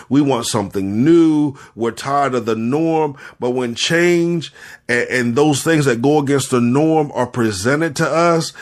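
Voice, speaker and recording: Man, mid-range voice, earnest preacher cadence, repeats lines for weight, fighting back tears. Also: medium pitch. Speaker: podcast host and spiritual leader. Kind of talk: impassioned spoken commentary.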